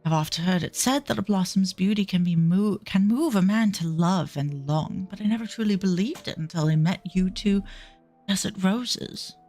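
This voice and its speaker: Woman doing a posh charming young gentleman, flattering, theatrical, game dub, faint music behind. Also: mid-range voice, moderate pace, natural voice. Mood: smooth flattery. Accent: posh English (put on). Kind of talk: voicing game cutscene dialogue.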